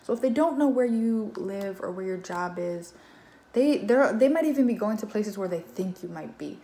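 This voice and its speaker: A woman's voice: mid-range voice, expressive, normal speed, warm tone. A woman giving a casual tarot reading in a chatty, loose way, swearing now and then and acting out what others think. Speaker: tarot reader. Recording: echoey room.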